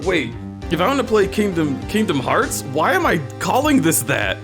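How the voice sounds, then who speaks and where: A man's voice: high-pitched, sing-song, normal speed, fairly bright tone. A man live-streaming a video game, chatting with his viewers in a goofy, teasing way. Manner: goofy, teasing, talks to chat. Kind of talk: casual live-stream chat while playing. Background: game music.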